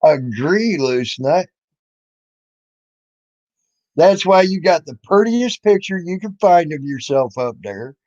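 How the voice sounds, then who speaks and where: A man's voice: a little high, animated, takes it slowly, pauses often, darkish tone, no echo. A man on YouTube ranting at other people, confrontational and mocking, swearing freely. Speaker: YouTube commentator. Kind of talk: angry profane rant. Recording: dull lo-fi recording.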